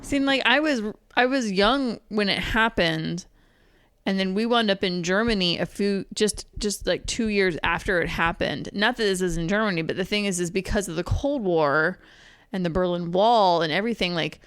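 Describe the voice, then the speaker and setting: A woman's voice: medium pitch, moderate pace, a bit bright, clear, resonant tone, dry recording. A woman in her thirties co-hosting a podcast, chatting casually and rambling with many restarts. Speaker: podcast co-host. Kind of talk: casual chat.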